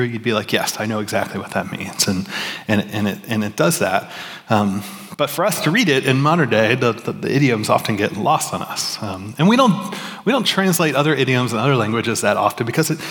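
A pastor with a mid-range, fairly bright voice preaches a sermon in a church sanctuary. He's casual and self-deprecating, with many fillers and restarts, and the hall is reverberant.

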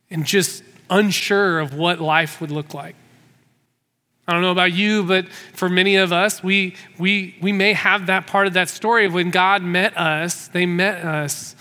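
Male preacher, high bright voice, storytelling sermon in a reverberant hall. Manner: storytelling, repeats words when restarting.

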